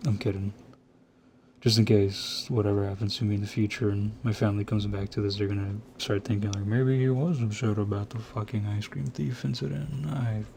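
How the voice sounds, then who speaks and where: A man's voice: lowish voice, vocal fry, dark tone, a little hiss or hum. A man with a nasal voice chatting casually as a streamer, rambling, swearing a lot and laughing at himself. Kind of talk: casual late-night rambling chat.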